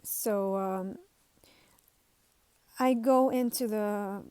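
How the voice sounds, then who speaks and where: A woman's voice: medium pitch, very slow, a little mellow, clean tone, no echo. Woman vlogging, dry close sound. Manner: rambling storytelling with many fillers and restarts. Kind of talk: casual talk to camera.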